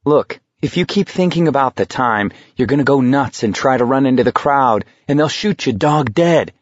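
A man reading a hard-edged teenage boy who talks bluntly and wryly to steady his friend. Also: medium pitch, moderate pace, dry recording, muffled recording, lightly acted. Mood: coaxing. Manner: blunt, coaxing, sardonic.

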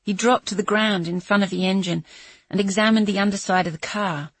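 A woman narrating a thriller audiobook in a measured, dramatic reading voice with a husky edge. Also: medium pitch, steady tone, a bit bright, no room sound. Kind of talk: scripted narration.

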